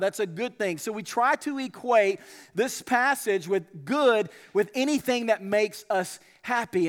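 Male pastor with a high voice, emphatic sermon delivery, recorded in a church with a long hall echo. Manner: earnest, emphatic preaching with frequent rhetorical questions.

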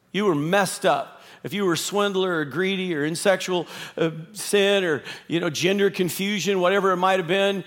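A pastor with a high voice delivers a sermon in a conversational way. He throws rhetorical questions at the audience. His voice rings with long reverb in a big church hall. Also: a bit bright. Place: church auditorium, live service.

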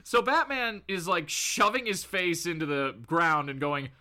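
Bright, lively man retelling a story. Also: on the high side, unhurried. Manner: animated storyteller, laughs often. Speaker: podcast co-host retelling a comic. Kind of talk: casual chat.

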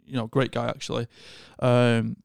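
A man tells a long story in casual podcast chat, circling back and restarting his sentences as he goes. His voice sits at an ordinary middle pitch. The sound is close and completely dry, with no room echo. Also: level tone, moderate pace, vocal fry. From Northern England. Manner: rambling storyteller with many restarts. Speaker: podcast co-host.

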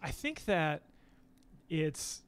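A man's voice: a little high, very animated, very slow. A man with an American accent speaking as an interview guest in a candid, rambling, self-deprecating way. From United States. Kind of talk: casual interview talk.

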